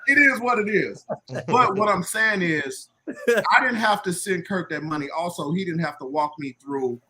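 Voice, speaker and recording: Man, box truck owner, bright voice a touch high, animated storyteller; casual panel talk. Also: moderate pace. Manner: animated storyteller acting out quoted dialogue.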